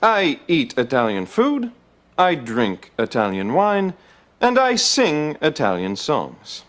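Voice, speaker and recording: A happy italian dude who loves wine and singing, high bouncy voice, takes his time. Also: wildly swooping pitch, slow pace, fairly bright tone, exaggerated voice. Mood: cheerful. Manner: sings out a word with gusto. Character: cheerful Italian man who loves food, wine and song. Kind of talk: scripted language-lesson video.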